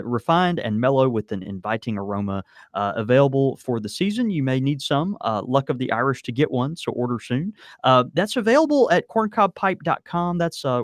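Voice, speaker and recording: A man co-hosting a casual podcast, talking in a halting way with many fillers and restarts. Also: mid-range voice, dry recording, studio quality. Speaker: podcast co-host. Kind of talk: casual chat.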